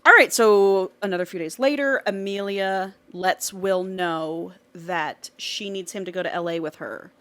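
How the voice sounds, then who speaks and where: A woman co-host in casual podcast chat, recapping a book with plenty of swearing and laughter. She jumps in and out of the characters' lines as she tells the story. Her pitch sits in an ordinary middle range. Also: unhurried, few pauses, a bit bright.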